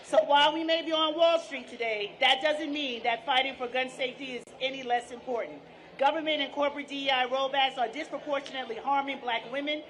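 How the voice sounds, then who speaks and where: A woman giving a measured, sermon-like speech at an outdoor rally, quoting scripture and leading call-and-response. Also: high voice, a bit bright, rough recording. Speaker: rally speaker, sorority president.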